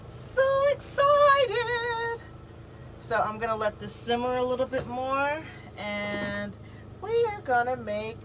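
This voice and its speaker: With slight background noise behind her, a woman in a mid-range voice chats through an off-grid cooking vlog, living in or by a vehicle. She describes what she's cooking and talks to her pets.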